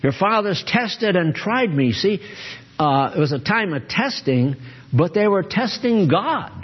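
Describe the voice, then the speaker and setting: A man's voice: sits high, very animated, measured pace, slightly rough. A man preaching a sermon and teaching from the Bible, often asking his listeners questions. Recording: dull lo-fi recording.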